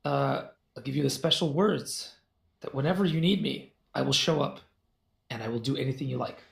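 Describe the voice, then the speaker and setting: A man's voice: medium pitch, moderate pace, vocal fry. A man voicing a supernatural female horse in a fairy tale, speaking in a matter-of-fact bargaining way, recorded in a roomy space. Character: supernatural fire-breathing female magic horse. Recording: roomy echo.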